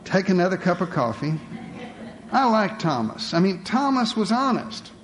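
A man's voice: high voice, big pitch swings, normal speed, slight background noise. A man preaching a sermon to a congregation, with dramatic rhetorical questions, calling his listeners beloved.

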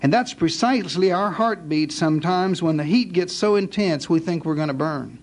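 High-voiced theatrical male preacher. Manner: theatrical, wisecracking, shifts to hushed dramatic pauses. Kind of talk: dramatic storytelling sermon.

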